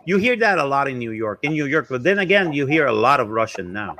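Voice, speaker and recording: A man's voice: mid-range voice, big pitch swings, quick pace, sharp tone. A man with a Puerto Rican accent in casual chat, rambling and jokey, slipping into impressions. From Puerto Rico.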